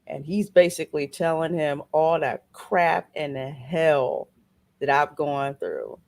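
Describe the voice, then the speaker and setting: A man with a gravelly voice talks slowly in a casual chat. He retells a scene in an unhurried, measured way. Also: on the high side.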